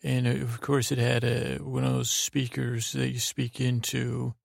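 A man's voice: mid-range voice, level tone, a little slow, no echo, clean studio sound. A man hosting a podcast, telling a meandering bedtime story full of hesitations and restarts. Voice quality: gravelly. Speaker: podcast host. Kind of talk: rambling sleep-story narration.

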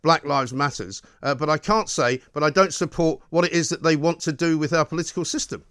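A man hosts a talk radio interview and puts his views across in a halting way, stopping often on fillers. His voice sits at a middle pitch. The studio sound is close and dry. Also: fairly bright tone, no room sound. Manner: halting, with frequent fillers and restarts. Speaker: radio host.

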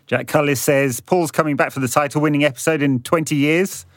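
A man's voice: fairly high pitch, steady tone, fairly quick, dry recording. A man co-hosting a podcast, reading listener questions in a dry, sardonic way. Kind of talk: casual podcast chat.

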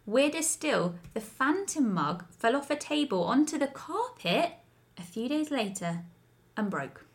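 Woman, podcast co-host, casual chat, giggly animated storyteller, reads ghost stories. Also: high-pitched, measured pace.

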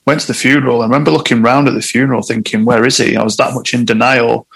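A man's voice: medium pitch, steady tone, very fast, vocal fry, fairly bright tone, husky, rough recording. A man, a guest telling a personal story in conversation, candid and reflective.

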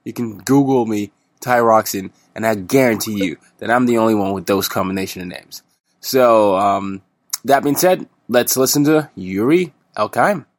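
A man's voice: lowish voice, normal speed. A man hosting his podcast, talking casually and rambling a little with fillers. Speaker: podcast host.

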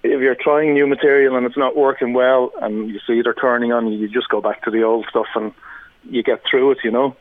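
An Irish comedian telling rambling, self-deprecating gig stories in casual chat. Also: male voice, mid-range voice, steady tone, a little fast. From Ireland. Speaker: stand-up comedian guest. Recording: tinny phone-like line.

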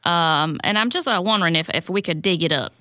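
A woman's voice: fairly low pitch, a little fast, sharp tone, dry recording, clean studio sound. A woman playing a meek, odd Southern townswoman in an improvised comedy, hesitant and full of ums. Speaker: guest.

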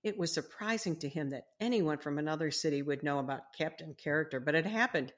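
A woman, an author and podcast host, gently explaining ideas and reading aloud from her own book in a deliberate, teacherly way. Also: sits low, animated.

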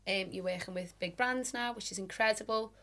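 A woman's voice: medium pitch, a little fast. Scouse woman hosting a chat. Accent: Liverpool (Scouse). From North Liverpool, England. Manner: warm, agreeing, conversational interviewer. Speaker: podcast host. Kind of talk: casual podcast interview.

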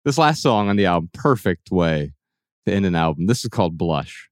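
A man's voice: deep voice, big pitch swings, normal speed, slight background noise. A man hosting a podcast who talks in an upbeat, teasing way. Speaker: podcast host. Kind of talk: casual podcast chat.

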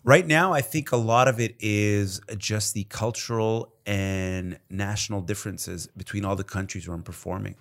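A man's voice: lowish voice, normal speed, gravelly, few pauses, fairly bright tone. A man, a comedian guest chatting casually in an interview, rambling with many fillers and acted-out quotes. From Canada.

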